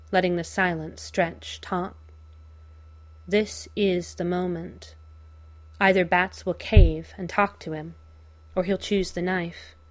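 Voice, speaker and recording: A woman narrating a fan fiction audiobook in a measured, unhurried storytelling manner. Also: mid-range voice.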